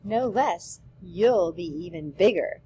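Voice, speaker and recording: A woman's voice: lowish voice, lively intonation, slow, mellow, a little hiss or hum, rough recording. A woman voicing a talkative, fond old nurse who rambles and repeats herself, reading a play aloud. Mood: rambling.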